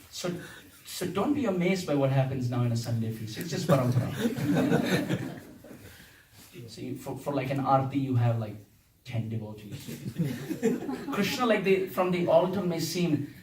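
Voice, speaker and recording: A man's voice: medium pitch, lively intonation, takes it slowly, long pauses, a crowd in the background. A man giving a playful, humorous devotional class to a temple audience, laughing often and reciting verses. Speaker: preacher giving a Sunday class. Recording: echoey hall, distant mic, faint hiss.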